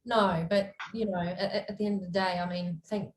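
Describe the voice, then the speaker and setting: A woman's voice: fairly low pitch, steady tone, moderate pace. A woman co-hosting a casual podcast, chatty and trailing off at the ends of her thoughts. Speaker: podcast co-host. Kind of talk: casual chat. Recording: echoey room, faint noise.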